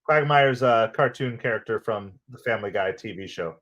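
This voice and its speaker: A man's voice: on the low side, moderate pace, fairly bright tone, lo-fi sound. A man hosting a live baseball watch-party stream, chatting casually with viewers in an upbeat way and laughing often. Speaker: livestream host and baseball commentator.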